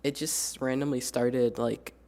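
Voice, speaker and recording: A teenage boy on a youth radio team telling a story in an unhurried way with many fillers. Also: medium pitch, fairly even intonation, warm tone. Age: teens. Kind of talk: casual storytelling.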